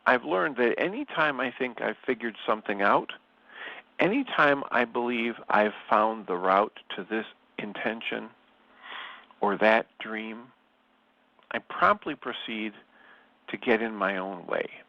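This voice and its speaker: A man leading a spiritual study, reading passages and reflecting on them in a slow, measured and thoughtful way. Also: on the low side, creaky, no echo. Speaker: study group leader. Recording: slightly dull, lo-fi sound.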